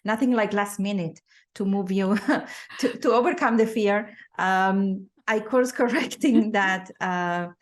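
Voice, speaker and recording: A woman's voice: medium pitch, measured pace. A middle-aged woman sharing her personal story as a podcast guest, thoughtful, with frequent fillers and restarts.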